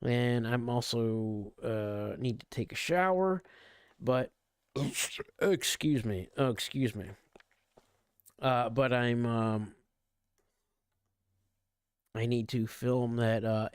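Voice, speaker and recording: A man's voice: mid-range voice, steady tone, slow, pauses often, clean tone, no echo, clean studio sound. A man winding down a casual livestream from his bedroom at home, rambling and interrupted by hiccups and burps. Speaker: streamer.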